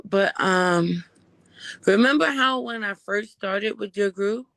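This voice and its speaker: Hoarse, gravelly woman speaking frankly. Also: mid-range voice, takes it slowly, fairly bright tone. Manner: frank, earnest. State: hoarse, voice strained from screaming. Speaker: caller on a sobriety call. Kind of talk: candid personal sharing.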